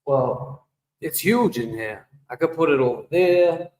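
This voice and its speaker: A man's voice: a little high, expressive, a little slow, darkish tone. Rambling joking man with echo effect. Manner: rambling, joking, talks back to chat. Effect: shower-like echo effect. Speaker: livestreamer. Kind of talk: casual livestream chat with viewers. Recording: echoey reverb effect on voice.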